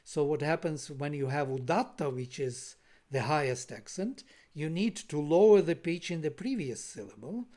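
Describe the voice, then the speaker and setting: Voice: mid-range voice, lively intonation, normal speed, dark tone. A linguist giving an online lecture over a video call, explaining step by step and checking in with the listeners. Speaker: linguist lecturing on Vedic accent.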